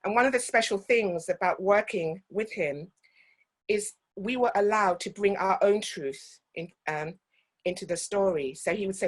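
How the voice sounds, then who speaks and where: A woman's voice: mid-range voice, normal speed. A woman from Guyana, an actor giving a talk and telling personal stories with frequent ums.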